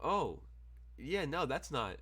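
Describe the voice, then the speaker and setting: A man's voice: mid-range voice, very animated, slow, sharp tone, husky, pitched above the performer's own voice, heavily acted. A man voicing a panicky male fixer who answers the phone flustered and stammering.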